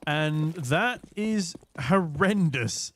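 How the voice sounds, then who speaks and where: A hoarse young man casting an esports match from a booth, with quick, joking play-by-play. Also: a little high, expressive, a little hiss or hum. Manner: quick, jokey, punning play-by-play. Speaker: esports caster. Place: casting booth at a live event.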